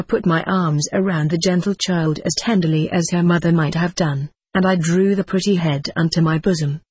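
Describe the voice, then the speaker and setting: Audiobook narrator, measured old-style storytelling, husky voice, dry close mic. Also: medium pitch, a little mellow, no room sound. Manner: measured, old-fashioned first-person narration. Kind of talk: audiobook reading.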